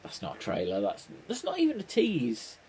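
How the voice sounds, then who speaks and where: A man talks to his viewers in a loose, casual vlog. His voice sits at an ordinary middle pitch. He rambles, trails off into ums and restarts, and drops in the odd dry swear word. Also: huge pitch swings, moderate pace, a little mellow, husky. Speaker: vlogger reacting to a trailer. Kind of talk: casual chat to camera.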